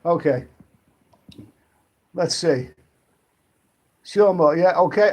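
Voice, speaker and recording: A man's voice: high-pitched, slow, pauses often. A British man hosting a casual late-night live stream, rambling and chatty, often restarting his sentences and reading viewer comments.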